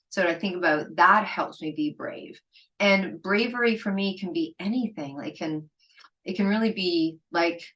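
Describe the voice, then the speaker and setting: A woman's voice: fairly low pitch, fairly bright tone, poor audio. A middle-aged woman hosting a solo podcast, talking candidly and conversationally, sometimes acting out what her friends said. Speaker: podcast host.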